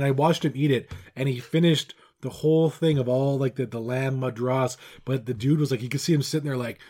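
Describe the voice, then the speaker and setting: A middle-aged man co-hosting a podcast, telling long rambling stories in casual chat that trail off quietly and then pick up again. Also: medium pitch, brisk, few pauses. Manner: rambling storyteller, drifts quiet then loud. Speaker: podcast co-host.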